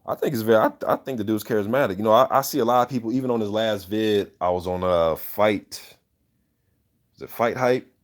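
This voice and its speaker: A man with a fairly low voice hosts an unscripted boxing talk, riffing on viewer comments. He speaks in a loose, profane, opinionated way. He keeps checking in with "you know what I'm saying". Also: fairly quick. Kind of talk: casual unscripted chat.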